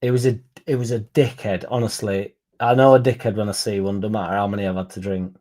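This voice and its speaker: A man's voice: on the low side, steady tone, quick pace, mellow. A young man telling a rambling, sweary story to his livestream viewers in a blunt, casual way. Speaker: football fan streamer.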